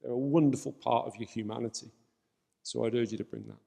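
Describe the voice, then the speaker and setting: Gravelly man telling lively stories. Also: medium pitch, quick pace. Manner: animated, storytelling. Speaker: panel speaker. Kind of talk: lively anecdotal panel talk. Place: event hall, shared microphone. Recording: reverberant hall.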